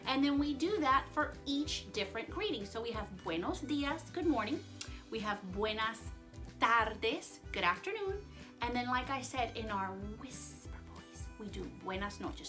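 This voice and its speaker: A woman's voice: a little high, lively intonation, moderate pace, music in the background. A woman teaching Spanish to young children in a friendly online lesson, playful and chatty, joking and mixing Spanish words into her English.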